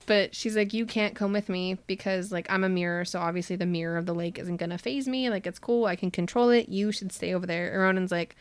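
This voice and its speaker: A woman's voice: lowish voice, fast, hardly any pauses, clean tone, dry recording. A young woman casually retelling a novel's plot, laughing often and peppering her talk with "like". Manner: chatty, laughing, heavy use of "like", acts out characters' lines loosely. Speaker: podcast host retelling a book. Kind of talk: casual book recap chat.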